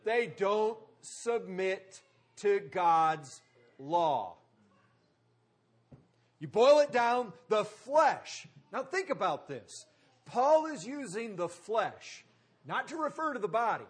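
A man preaching a sermon, driving points home with emphatic repetition and dramatic pauses. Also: high voice, sing-song, husky. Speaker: pastor.

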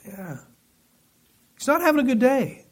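Man, high-pitched, folksy Bible teacher; casual verse-by-verse study with joking asides. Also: big pitch swings, unhurried, a little hiss or hum. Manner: folksy, joking asides between scripture readings.

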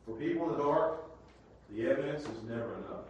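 A man preaching a sermon in a church, swinging from low, quiet passages to shouted, repeated lines. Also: animated, fairly quick, a little hiss or hum. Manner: dramatic, swings from low murmurs to shouted repetition. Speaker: pastor. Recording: very echoey hall, voice far from mic.

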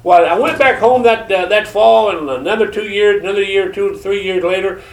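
Folksy Georgia-accented preacher in an echoey hall. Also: male voice, high-pitched. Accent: Southern US, Georgia. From Detroit. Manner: folksy storyteller, halting with many fillers. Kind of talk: sermon testimony. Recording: echoey room from far off.

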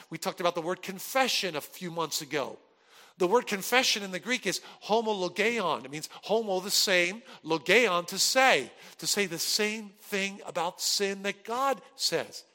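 Bright-voiced man preaching in a hall. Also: high-pitched, normal speed. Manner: storytelling, shifts from loud animated peaks to hushed earnest tones. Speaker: pastor. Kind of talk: sermon.

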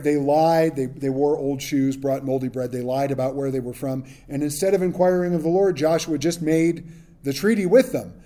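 Pastor type, man, somewhat high voice, warm tone, reads the text then riffs on it with humor. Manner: reads scripture then adds casual, joking asides. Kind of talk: conversational Bible teaching.

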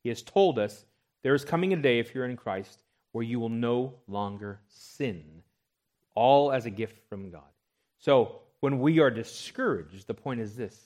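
A man's voice: mid-range voice, animated, unhurried, a little mellow. A man preaching a sermon, reading scripture aloud and often checking in with the congregation. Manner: expository preaching, checks in with "right?"; reads scripture aloud with rising emphasis. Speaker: pastor.

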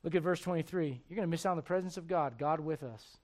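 A man preaching a sermon as pastor, animated and joking, acting out everyday voices. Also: a little high, fast talker.

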